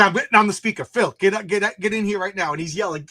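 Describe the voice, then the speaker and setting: A man in a casual chat who tells a story with animated energy, acting out the people in it. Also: sits high, racing, hardly any pauses, raised voice.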